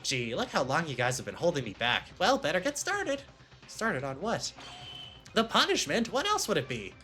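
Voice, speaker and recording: Guy doing a squeaky gloating bear headmaster, bright and bouncy, faint game music behind. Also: huge pitch swings, moderate pace, full character voice. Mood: gleeful. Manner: sing-song, taunting, mock-cheerful. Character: gleeful sadistic bear headmaster, male.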